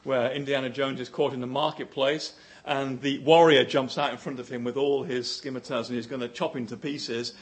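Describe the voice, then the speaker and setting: A man preaching a sermon, telling a story with animation, his voice rising for quoted lines and sinking low to drive points home. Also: flat delivery, moderate pace, few pauses.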